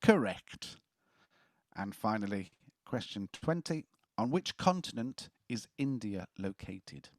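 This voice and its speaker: A man's voice: on the low side, lively intonation, measured pace, darkish tone. A man hosting a casual quiz, reading questions and joking between answers. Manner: jokey, chuckling as he reads questions. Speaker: quiz host.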